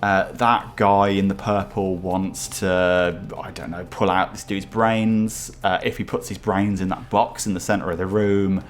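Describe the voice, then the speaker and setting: A man's voice: deep voice, flat delivery, measured pace, hardly any pauses. A man playing a tabletop game, eager and chatty, hesitating with fillers as he plans his moves. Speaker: player. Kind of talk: casual tabletop game play.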